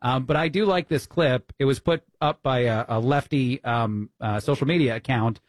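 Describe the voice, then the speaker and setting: A man's voice: medium pitch, moderate pace, no room sound. A man with a New Jersey accent, filling in as a talk radio host, talking politics in a chatty, opinionated way with plenty of fillers. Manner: opinionated, conversational, many fillers.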